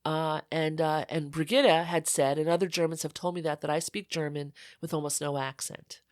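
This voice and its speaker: An older woman from Long Island's North Fork, a podcast guest telling rambling, animated stories about her school years with many restarts. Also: deep voice, moderate pace, no echo, clean studio sound. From North Fork of Long Island, New York. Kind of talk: reminiscing conversational interview.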